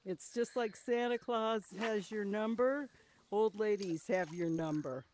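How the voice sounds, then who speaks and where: A woman's voice: medium pitch, unhurried, darkish tone, a little hiss or hum. Older woman teasing dryly on voice chat. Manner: dry teasing, bossy old-lady scolding in jest. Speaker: fellow player. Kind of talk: casual gaming voice chat.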